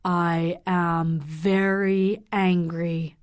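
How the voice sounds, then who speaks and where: A stern middle-aged father and doctor, read by a woman. He speaks gravely, at an extremely slow, deliberate pace, as if every word is a warning. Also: medium pitch.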